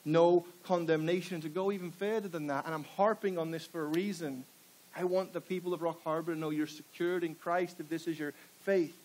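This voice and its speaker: Heard through poor audio, a pastor with a fairly high, a little mellow voice preaches at a slightly fast pace with fairly even intonation. He questions his live church congregation rhetorically and pushes for call-and-response.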